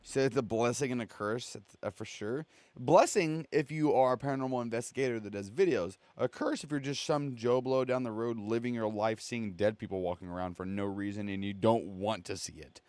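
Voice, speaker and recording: A man's voice: medium pitch, brisk, darkish tone, dry recording. A man in his twenties hosting a casual reaction live stream, swearing freely and laughing as he retells clips. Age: 20s.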